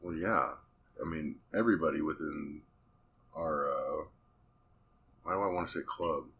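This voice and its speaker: Very deep-voiced man joking around. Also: unhurried, creaky, a bit bright. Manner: joking, loose, swears casually. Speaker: podcast host. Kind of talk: casual podcast chat.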